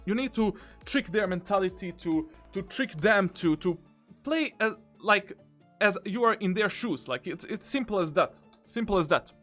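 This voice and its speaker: A man with a notably high voice talks through his own gameplay like a coach. He is boastful and excitable and slips "bro" in often. Soft music plays faintly behind him. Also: normal speed. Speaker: game coach reviewing his own match. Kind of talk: gameplay commentary.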